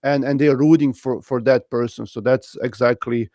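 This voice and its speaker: A man hosting a casual conversation, speaking haltingly with many fillers and restarts. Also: medium pitch, fairly even intonation, dark tone, dry recording, studio quality. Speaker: podcast host.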